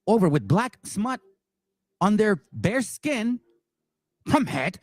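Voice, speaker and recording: An angry man holds forth in a high voice that leaps all over the place. He talks in a profane, mocking way and keeps repeating himself. The sound is dry and close, with no room echo. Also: sing-song, slow pace. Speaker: religious commentary channel host. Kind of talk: heated monologue commentary.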